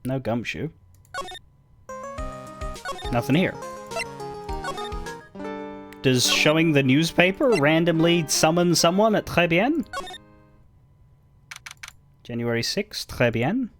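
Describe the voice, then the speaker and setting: A man's voice: a little high, lively intonation, slow, long pauses, soft background music. A man streaming a game, chatting casually with playful, self-deprecating asides. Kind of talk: casual let's-play commentary.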